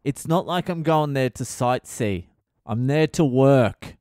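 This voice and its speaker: A man's voice: medium pitch, takes it slowly, a little mellow, dry recording. Sweary man, dry close sound. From Australia. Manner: sweary, wry, rambling. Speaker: comedian podcast host. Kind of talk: casual solo podcast monologue.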